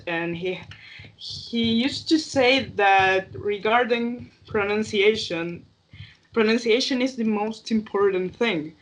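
A non-native English speaker in a casual chat, talking in a measured, earnest way. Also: mid-range voice, a bit bright. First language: not English.

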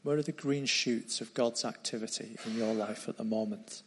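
A man preaching a sermon, retelling a story earnestly and dropping into quieter tones. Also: lowish voice, normal speed, slight background noise.

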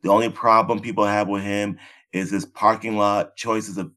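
A man's voice: lowish voice, level tone, normal speed, pushed and bright. A man co-hosting a casual podcast who talks emphatically and bluntly and swears freely. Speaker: podcast co-host.

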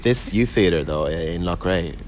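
A man's voice: low-pitched, animated, moderate pace, a little hiss or hum. A young Irish man with a Dublin-tinged accent, a stage performer chatting in an interview with easy, self-deprecating humor. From Ireland. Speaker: stage performer and show host. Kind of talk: casual interview chat.

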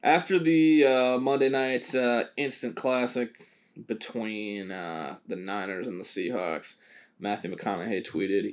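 A man's voice: lowish voice, a little slow. A man co-hosting a podcast, in a loose, joking sports chat with plenty of swearing and filler words. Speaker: podcast co-host.

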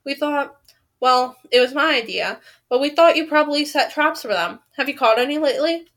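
A woman's voice: high voice, expressive, moderate pace, fairly bright tone. A woman reading aloud and voicing an eager, pushy young teenage boy. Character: eager young teen boy, a cheeky schoolkid.

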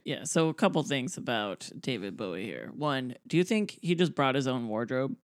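A woman's voice: rumbling low, animated, moderate pace, no room sound, clean studio sound. A woman in casual podcast chat, making wry, blunt comments about a film. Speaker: podcast co-host.

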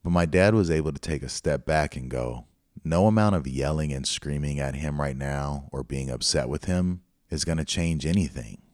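Very deep-voiced man telling a story. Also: moderate pace, darkish tone, no echo, clean studio sound. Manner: candid, reflective storyteller. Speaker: podcast host. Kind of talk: storytelling monologue.

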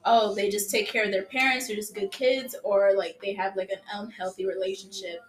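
A woman's voice: medium pitch, fairly even intonation, brisk. Woman guest on a podcast, lots of like and you know, echoey room. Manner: rambling with many fillers. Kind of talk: casual chat.

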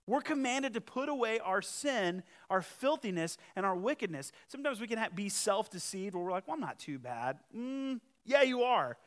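Speaking at normal speed with hardly any pauses, a male pastor with a high, animated voice preaches emphatically. Rhetorical questions and conversational asides punctuate a delivery that swings between loud challenge and quiet, earnest appeal.

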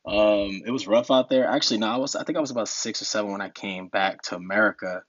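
A man's voice: lowish voice, fast talker, a bit bright, dry recording, lo-fi sound. A young man from New Jersey, a podcast guest telling stories in a laid-back way, laughing often. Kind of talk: casual storytelling.

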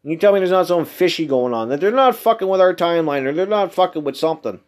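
A man's voice: on the high side, animated, rapid-fire. A man hosting a casual solo podcast monologue, talking emphatically and incredulously, with heavy swearing. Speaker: podcast host.

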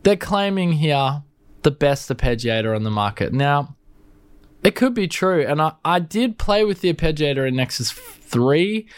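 An Australian man with a blocked nose, chatting casually and rambling through a music software review, often restarting words mid-way. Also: on the high side, sing-song, normal speed, no room sound, clean studio sound.

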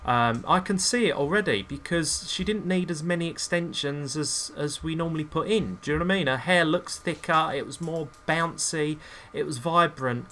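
Bright-voiced ranting man. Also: on the high side, normal speed, few pauses, slight background noise. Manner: opinionated, scornful ranting. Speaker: podcast co-host and hairdresser. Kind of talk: casual chat.

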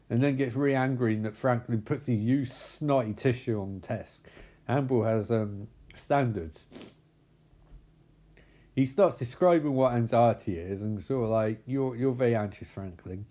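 A man casually recapping a show, rambling and profane, slipping into quick character voices. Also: mid-range voice, mellow.

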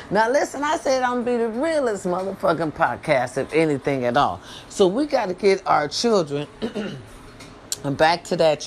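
A middle-aged woman hosting her own podcast, talking bluntly and profanely straight to her listeners, swinging from loud scolding to low warnings. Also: a little hiss or hum. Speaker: podcast host. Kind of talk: casual monologue podcast.

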